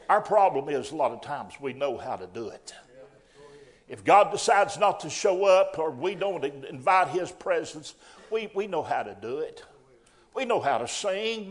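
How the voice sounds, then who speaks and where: A man preaching a sermon in a folksy way, rising to loud emphatic bursts. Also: on the high side.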